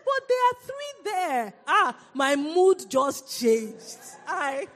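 A woman preaching a sermon, telling a personal story in an animated way and laughing often. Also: high voice, takes it slowly, in a large hall, noisy background.

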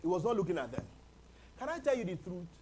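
A man's voice: sits high, very animated, quick pace, a little mellow, slight background noise, low-quality recording. A man preaching a humorous sermon as pastor, calling on the congregation to respond. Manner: humorous, chuckles often, calls for congregation responses. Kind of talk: lively sermon.

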